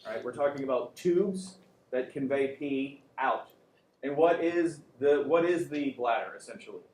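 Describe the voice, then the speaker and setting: A man's voice: medium pitch, normal speed, darkish tone. Man lecturing casually in an echoey classroom. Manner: casual, joking, quizzes the class. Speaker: anatomy and physiology instructor. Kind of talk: classroom lecture with questions to students. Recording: echoey classroom, faint room hum.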